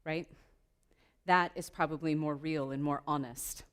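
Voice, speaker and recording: A woman giving a playful, lively keynote talk at a conference, laughing often with the audience. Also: low voice, a little slow. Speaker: keynote speaker. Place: conference room.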